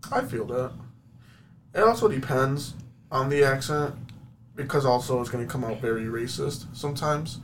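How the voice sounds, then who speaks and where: A man's voice: mid-range voice, normal speed, slight background noise. Foul-mouthed young man mock-raging at a friend. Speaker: podcast co-host. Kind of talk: casual chat.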